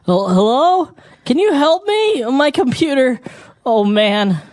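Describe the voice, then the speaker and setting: A woman's voice: lively intonation, slow, darkish tone, dry recording. A woman voicing a panicked, confused man calling tech support, stammering out frantic lines in a scripted learner dialogue. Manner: frantic, stammering, squeaky outbursts. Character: panicked confused male computer caller.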